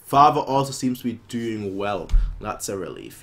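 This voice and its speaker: A man's voice: fairly low pitch, moderate pace, vocal fry, few pauses. A man chatting casually as he reacts to a manga chapter, rambling and restarting his sentences. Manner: rambling, animated, frequent restarts and fillers.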